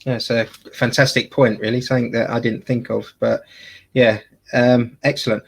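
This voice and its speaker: A man with an Essex accent, a wedding photographer and podcast co-host, chats casually and jokily, full of fillers and restarts. His mid-range voice carries vocal fry, with flat delivery at a moderate pace.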